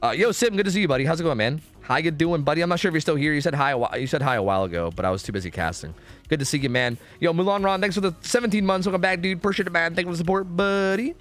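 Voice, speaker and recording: Young male streamer-caster, quick and animated, loose chatty delivery, light background music. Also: on the high side. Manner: rambling, repeats himself, swears casually. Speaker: streamer casting a game tournament. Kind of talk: casual live-stream commentary. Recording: faint music behind.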